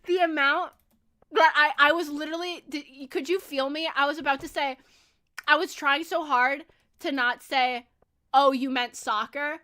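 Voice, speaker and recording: Brief: giggly American female streamer, young adult, high and bright, casual chat with viewers. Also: fairly even intonation, normal speed. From United States. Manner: bubbly and giggly, chatting with viewers. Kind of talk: casual live-stream chat while gaming.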